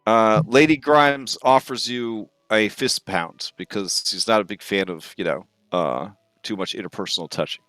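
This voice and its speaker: A man with a fairly low voice narrates a tabletop game as its game master. He tells the scene in an easygoing way, pausing on fillers as he goes. The sound is close and dry, with soft music behind. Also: no echo. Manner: relaxed storytelling with frequent fillers.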